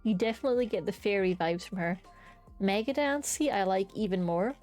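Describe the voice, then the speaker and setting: Over soft background music, a young woman with a medium-pitched, darkish voice talks briskly on a home live stream. She ranks creatures with casual enthusiasm and swearing, hiccuping throughout.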